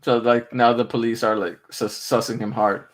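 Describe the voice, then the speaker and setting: A man's voice: mid-range voice, little pitch movement, normal speed. A man hosting a casual podcast, rambling in a laid-back way and swearing freely.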